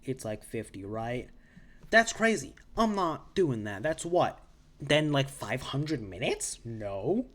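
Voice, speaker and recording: A young man casually recapping old comic books, rambling with quick asides and restarts. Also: medium pitch. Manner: rambling, self-interrupting, animated asides. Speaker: comics reviewer.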